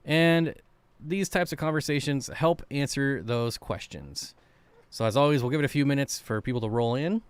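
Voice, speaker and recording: A man hosting a casual live stream for an aquarium channel, chatting in a relaxed way and reading viewer comments aloud. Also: medium pitch, normal speed, clear, resonant tone, no echo.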